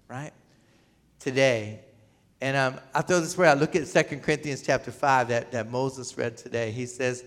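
A man's voice: mid-range voice, normal speed, fairly bright tone. A man preaching a sermon as pastor. He asks the congregation questions, waits for their answers, and often repeats his words or restarts a phrase. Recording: long reverb of a large hall.

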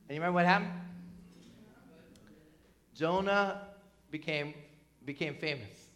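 A middle-aged man from New Jersey preaching a sermon in a conversational, animated way, full of asides and tag questions. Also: on the high side, normal speed, pauses often. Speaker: pastor.

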